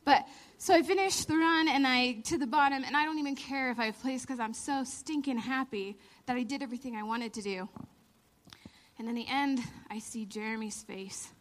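A woman in her thirties giving a lively storytelling sermon, laughing often and acting out the lines she quotes. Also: sits high, normal speed. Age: 30s. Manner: animated, laughing storyteller who acts out quotes. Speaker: church speaker.

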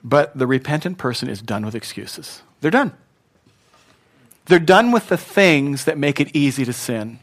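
A man preaching a sermon, emphatic, swinging between loud punchy lines and quiet ones and getting his audience to repeat words back. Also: mid-range voice, animated, measured pace. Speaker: pastor.

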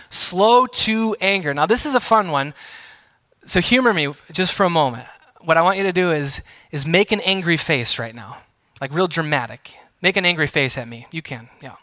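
A man's voice: a little high, sharp tone, no room sound. A man preaching a sermon as a pastor, teaching playfully and asking the congregation to repeat words and join in. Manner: engaging teacher, asks congregation to respond; playful self-deprecating asides.

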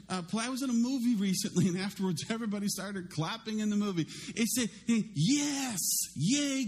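Middle aged pastor guy, kinda high voice, chatty sermon, pokes fun at himself. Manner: conversational, self-deprecating, with lively shifts in pitch.

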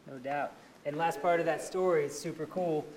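A man co-hosting a faith podcast with his wife, calmly adding to her story in casual chat. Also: a little high, normal speed, slight background noise. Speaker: co-host, the storyteller's husband.

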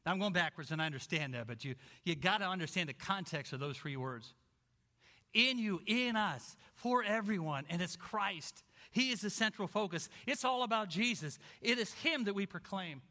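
A man preaching a sermon as pastor, enthusiastic, swinging between loud exclamations and quiet, low asides. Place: church sanctuary. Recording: reverberant hall.

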